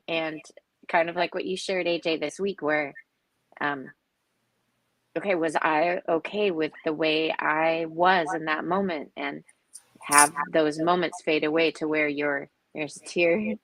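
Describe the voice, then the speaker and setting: A woman in her forties on a video call, telling personal stories in an earnest, reflective way with many pauses. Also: sits low, steady tone, creaky, a bit bright, no room sound, low-quality recording. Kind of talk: casual heartfelt group chat.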